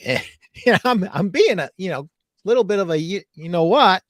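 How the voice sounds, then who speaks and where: A man hosting a podcast, telling a funny story in a lively way and laughing as he goes. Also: on the high side, normal speed, no echo, studio quality. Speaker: podcast host. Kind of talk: casual storytelling.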